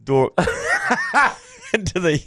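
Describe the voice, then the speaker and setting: A man's voice: extremely high pitch, wildly swooping pitch, very slow, bright, forceful tone, slight background noise. A man telling a rowdy story as a podcast co-host, laughing and swearing as he goes. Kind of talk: casual chat, storytelling.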